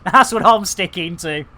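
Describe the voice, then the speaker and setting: A woman with a mid-range, slightly bright voice streams a space game live, rambling through bawdy jokes and banter as she casually comments on her gameplay.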